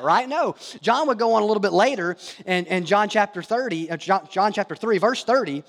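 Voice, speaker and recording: A man's voice: high voice, lively intonation, fairly quick, few pauses, in a large hall. A man preaching a sermon as pastor, earnest and emphatic, often asking rhetorical questions.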